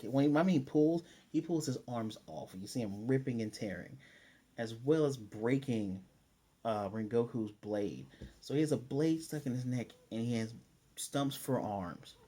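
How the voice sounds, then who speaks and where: A man with a mellow, darker tone talks through an anime episode as a casual reviewer. He rambles loosely, retelling scenes with "he's like" and dropping laid-back slang and the odd swear. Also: mid-range voice, lively intonation, measured pace, slightly rough.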